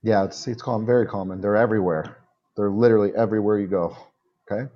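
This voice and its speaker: A man in his forties teaching English in a relaxed one-on-one video call, repeating words patiently so the student can copy them. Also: on the low side, fast talker, highs cut off. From United States. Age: 40s. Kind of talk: casual one-on-one lesson.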